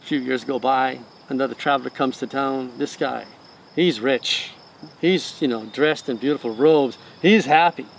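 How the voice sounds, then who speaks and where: A man's voice: medium pitch, moderate pace, gravelly, slight background noise. A middle-aged man who directs a wellness center, telling stories in conversation and acting out the voices of the people in them. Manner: animated storyteller who acts out quoted voices. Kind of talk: conversational storytelling.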